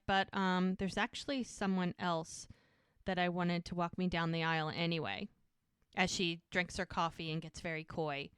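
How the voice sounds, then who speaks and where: A woman's voice: lowish voice, a bit bright, smooth, no echo, studio quality. A woman co-hosting a podcast, casually retelling a TV episode by quoting the characters' lines in turn. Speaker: podcast co-host.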